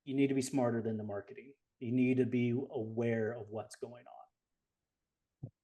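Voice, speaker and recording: A man from Southern California co-hosting a webinar, explaining things through drawn-out analogies. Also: medium pitch, little pitch movement, dark tone, muffled recording. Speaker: co-host. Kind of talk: webinar talk.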